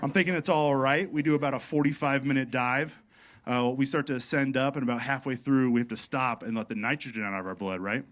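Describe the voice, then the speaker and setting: A male stand-up comedian telling a story on a club stage with energetic, profane, animated delivery. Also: mid-range voice, fast talker. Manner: energetic, swearing, animated delivery with acted-out quotes.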